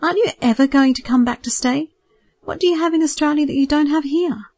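A woman voicing a warm, worried middle-aged mother who coaxes her grown son gently, read in a higher, lifted voice in a dry recording. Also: animated, fairly quick, no room sound. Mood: pleading. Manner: gentle, coaxing, softly persistent. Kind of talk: audiobook character voice.

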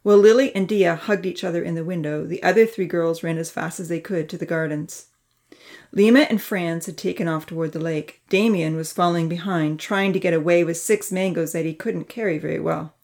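Lowish woman narrating a children's story. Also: a little fast. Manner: expressive, lifts her voice high for the children's dialogue.

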